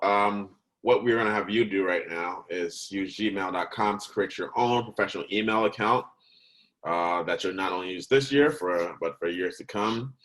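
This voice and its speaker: A man with a very low voice walks his students through a recorded lesson. He keeps it conversational and checks in with "right?" and "okay?" every few sentences. Now and then he stops partway through a word to correct himself. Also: fairly bright tone, rough recording. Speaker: teacher.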